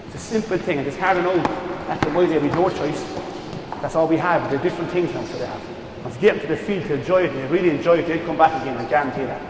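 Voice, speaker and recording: A man runs a hurling drill, firing off quick short instructions and praise. His voice sits a little high, and the echoey hall carries it over loud background noise. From Ireland. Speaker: hurling coach. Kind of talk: outdoor coaching drill then Q&A.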